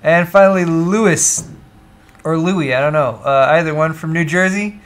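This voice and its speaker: A man's voice: fairly high pitch, moderate pace. A man co-hosting a live tech show, chatting casually, thanking viewers and stumbling over names. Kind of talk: casual live-stream chat.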